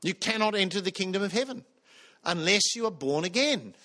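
A man's voice: high voice, lively intonation, brisk, bright, forceful tone. A man preaching a sermon, earnest, putting questions to the congregation.

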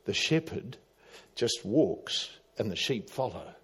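A middle-aged man preaching a sermon, swinging from loud emphatic calls to quiet, low asides. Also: sing-song, takes it slowly, breathy edge. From Australia. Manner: dramatic, rising to loud emphatic calls then dropping quiet. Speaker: pastor.

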